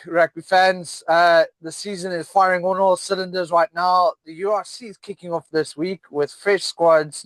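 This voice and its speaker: A man's voice: on the high side, a bit bright, no room sound, low-quality recording. A man hosting a casual rugby podcast, rambling with lots of fillers and restarts. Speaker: podcast host. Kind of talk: casual sports podcast chat.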